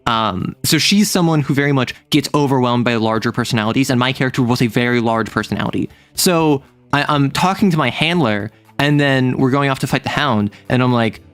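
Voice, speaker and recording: A man chatting casually on a stream, his voice dry and close with faint music playing behind him. He tells a rambling story in an animated way and breaks into laughter often. His pitch sits in the middle of the range. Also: brisk, hardly any pauses, clear, resonant tone, no echo. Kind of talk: casual chat.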